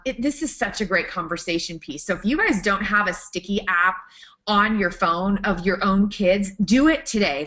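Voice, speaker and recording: A woman talks through business tips in a chatty, enthusiastic way. She restarts her sentences often as the ideas come to her. Her pitch sits in an ordinary middle range for a woman. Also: a bit bright. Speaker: guest speaker, photographer. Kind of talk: webinar talk.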